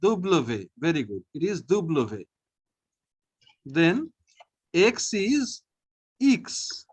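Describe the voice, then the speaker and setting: A man leads an online French lesson, taking it slow and repeating each sound for his pupil. His pitch swings widely as he explains, and his voice carries a faint husky edge. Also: wildly swooping pitch. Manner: slow, patient, repeats each sound, often says okay. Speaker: French teacher.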